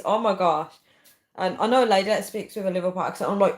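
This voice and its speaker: A woman's voice: fairly low pitch, fairly even intonation, fairly quick, reverberant. A woman hosting a casual livestream, rambling chattily with frequent ums as she reads viewer comments. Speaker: livestream host. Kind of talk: casual live chat, reading viewer comments.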